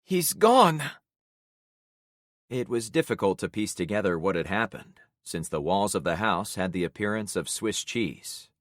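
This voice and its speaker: Low-voiced man narrating a gritty audiobook. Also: normal speed, hardly any pauses, no echo, studio quality. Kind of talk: first-person audiobook narration.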